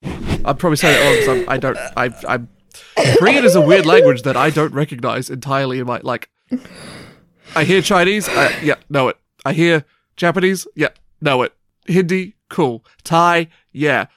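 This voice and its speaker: A podcast co-host in casual chat, joking around, swearing often and laughing loudly. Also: mid-range voice, expressive, normal speed, dry recording, clean studio sound.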